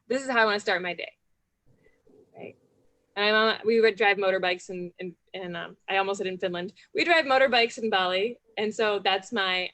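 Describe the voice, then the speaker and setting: A woman's voice: mid-range voice, fairly bright tone, no room sound. A woman giving an earnest, heartfelt motivational talk to a group as a guest speaker. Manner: earnest, quick, heartfelt, laughs often.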